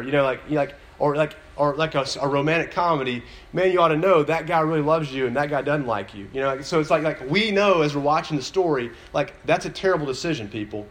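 A man's voice: a little high, fast, hardly any pauses, a bit bright. A man giving a sermon in a conversational style, full of fillers and restarts, now and then building to an emphatic point. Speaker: pastor.

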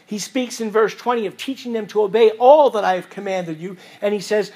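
A man preaching an expository sermon as pastor, reading scripture aloud and swinging between loud emphasis and quiet asides. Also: high voice, fairly quick, few pauses.

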